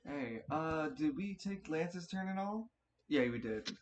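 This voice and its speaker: A man's voice: fairly high pitch, animated, unhurried, dull audio, a little hiss or hum. A man running a tabletop game as game master, narrating turns casually, swearing freely and often restarting his sentences.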